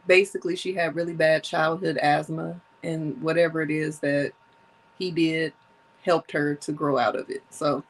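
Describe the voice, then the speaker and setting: Chatty woman podcast host, lowish voice. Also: poor audio. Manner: chatty, reading from notes, self-correcting. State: runny nose from allergies. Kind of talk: casual solo podcast monologue.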